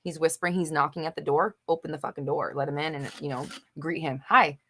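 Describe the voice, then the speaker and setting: A fast-talking young adult woman with a deep voice and steady tone hosts a live manifestation Q&A. She reads viewer comments and answers with blunt emphasis, lots of fillers, and casual swearing.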